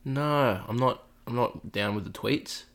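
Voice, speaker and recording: A man's voice: mid-range voice, a little slow, fairly bright tone. A man co-hosting a casual podcast chat, swearing freely and telling anecdotes with quoted voices. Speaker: podcast co-host.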